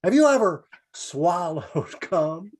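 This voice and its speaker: A man impersonating a fussy, prim old-time radio comedy star in a slow, mannered way for a dirty parody bit. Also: fairly high pitch, big pitch swings, full character voice.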